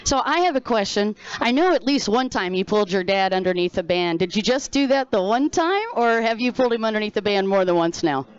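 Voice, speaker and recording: A woman's voice: mid-range voice, lively intonation, brisk, hardly any pauses, smooth. A woman doing upbeat, playful trackside reporting and co-commentary for a live race at an outdoor track. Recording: dull lo-fi livestream audio.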